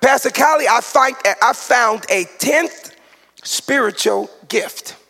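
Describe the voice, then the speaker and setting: High-voiced shouting preacher in his forties. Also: slow pace, creaky, big-room sound. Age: 40s. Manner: emphatic, sing-song preaching cadence with shouted peaks and humorous asides. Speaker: pastor. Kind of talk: sermon.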